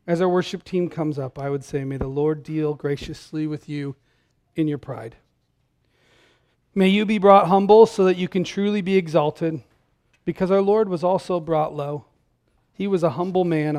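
A man, a pastor, giving a sermon in a conversational style, talking straight to the congregation and swinging from loud emphatic calls to hushed, tender lines. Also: on the high side, steady tone, normal speed. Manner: conversational, direct address to congregation.

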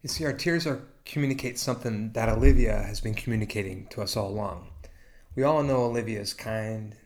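Low-voiced pastor giving a eulogy. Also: male voice. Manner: slow, heartfelt delivery with long pauses. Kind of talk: memorial eulogy.

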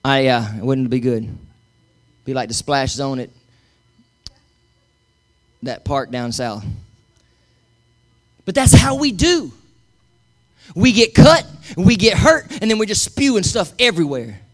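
A middle-aged male pastor delivers a sermon in a mid-range voice with lively intonation, speaking slowly and pausing often. He is emphatic and calls on the congregation to repeat after him.

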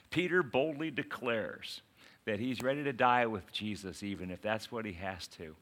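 A man preaching a sermon in an animated way, acting out quotes and asking the congregation questions. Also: lowish voice, moderate pace. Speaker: pastor.

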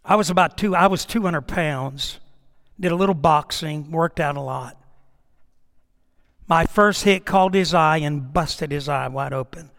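A man's voice: on the high side, measured pace, gravelly, fairly bright tone, in a large hall. A middle-aged man, a pastor telling a story in a sermon with emphatic, dramatic delivery.

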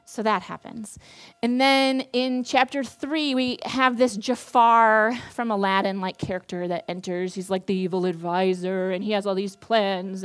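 A young woman giving a casual sermon, retelling a Bible story in a chatty, playful way with lots of fillers. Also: mid-range voice. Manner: chatty, playful, acts out quoted characters. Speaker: campus ministry staff speaker.

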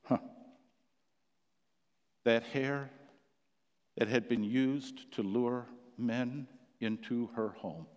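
A man preaching a sermon, telling the story with passion, his voice swelling loud and then sinking almost to a whisper. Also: medium pitch, extremely slow, long pauses, long reverb tail.

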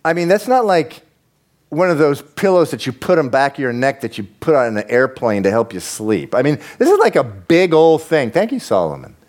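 A man preaching a sermon as pastor, conversational and animated, rising into emphatic peaks. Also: medium pitch, moderate pace.

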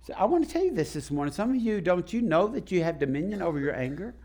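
A man preaches in a church sanctuary, his voice pitched notably high. He calls questions out to the congregation as he goes. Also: sing-song, fast talker, darkish tone. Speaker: pastor. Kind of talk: sermon.

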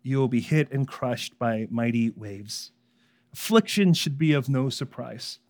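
A man preaching a sermon, emphatic and rhythmic, building lists of phrases and swinging from loud, high passages to hushed ones. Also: a little slow.

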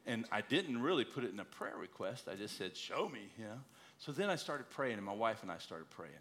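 A man's voice: lowish voice, very animated, brisk, a bit bright. A middle-aged man, a missionary preacher, telling a personal story in a sermon and urging listeners in an earnest, emphatic way.

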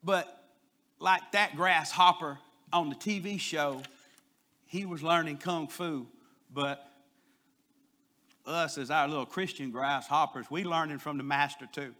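A man preaching a sermon, telling a folksy story and pushing louder on his key points. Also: a little high, unhurried, long pauses.

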